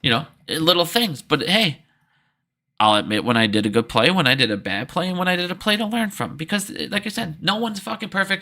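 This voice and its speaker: A young man speaks off the cuff to his viewers in a rambling, heated stream of swearing. His tone is very bright and edgy, and his voice sits a little high for a man. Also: sing-song, a little fast. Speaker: stock trading channel host. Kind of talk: casual unscripted monologue to viewers.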